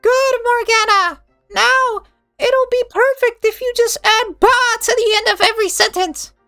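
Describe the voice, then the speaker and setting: A man squeaking out a gushing cuteness-crazed girl. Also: unhurried, pushed and bright, faint music behind, heavily acted. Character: cuteness-obsessed excitable young girl. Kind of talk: reading game dialogue aloud.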